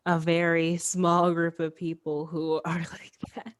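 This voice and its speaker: A woman's voice: lowish voice, monotone, measured pace. A young woman activist in casual group discussion, talking with frequent laughs and fillers. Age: young adult. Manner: laughing, filler-heavy chatter. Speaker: youth activist.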